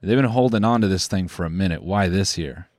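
A man's voice: deep voice, a little fast, darkish tone, no room sound, clean studio sound. A man hosting a comedic podcast, rambling sarcastically and laughing often between jokes. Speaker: podcast host. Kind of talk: casual comedic podcast chat.

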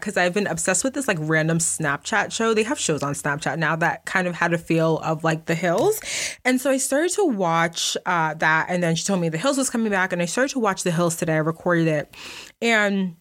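A woman's voice: on the low side, lively intonation, normal speed, a bit bright. Chatty young woman hosting a podcast. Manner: chatty, rambling, laughs often. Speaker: podcast host. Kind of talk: unscripted casual chat. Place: basement room at home.

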